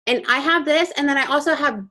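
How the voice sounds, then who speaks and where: Her voice is high-pitched, sharp, and fast. The young woman is a motivational guest speaker leading a team training talk for her sales team on a video call, sharing her thoughts candidly and with feeling.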